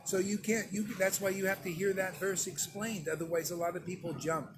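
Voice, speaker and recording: A man's voice: sits high, little pitch movement, brisk, hardly any pauses, music in the background, rough recording. A man giving an informal sermon to his disciples as their spiritual teacher, emphatic and stern, talking in a conversational way and often asking "see?".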